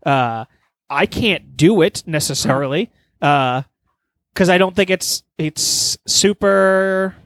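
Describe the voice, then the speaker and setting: A man's voice: high voice, animated, slow pace, a bit bright, dry recording. A man on a podcast in casual chat, rambling and flustered, swearing often and laughing nervously. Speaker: podcast co-host. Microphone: studio microphone.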